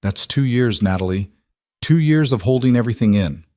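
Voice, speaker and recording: A man voicing a calm single father who talks in a reassuring, practical way. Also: mid-range voice, moderate pace, no room sound, clean studio sound, pitched above the performer's own voice, natural voice. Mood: gentle.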